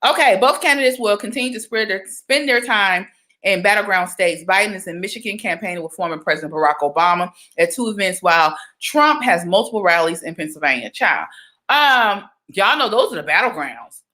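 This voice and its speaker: Young woman, livestream host, bright and lively, talks straight to her viewers. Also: mid-range voice, a little fast. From Georgia, US. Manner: chatty, animated, breaks into sung exclamations. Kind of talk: casual livestream chat.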